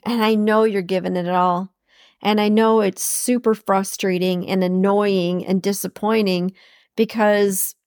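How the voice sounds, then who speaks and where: A woman's voice: mid-range voice, no echo, clean studio sound. A woman hosting a podcast alone, talking in an affirming, encouraging way and repeating her words of support. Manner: warm affirming, repeats phrases, speaks imagined words of encouragement. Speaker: podcast host. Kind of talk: encouraging solo podcast talk.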